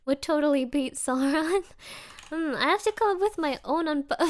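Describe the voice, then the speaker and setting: Giggly high-voiced woman. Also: unhurried, noisy background. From Germany. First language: German. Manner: giggly, often breaking into laughter. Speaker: streamer. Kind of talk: casual chat.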